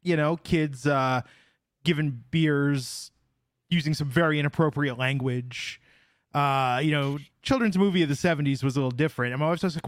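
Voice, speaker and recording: A man's voice: on the high side, moderate pace, no echo. A man hosting a casual podcast, telling stories with a wry, dry manner. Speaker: podcast host.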